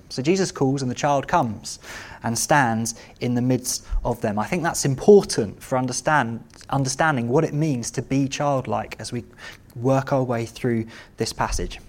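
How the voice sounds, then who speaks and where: A man preaching a sermon in an earnest way, building to emphatic repeated calls. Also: medium pitch. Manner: earnest, rising to emphatic repetition.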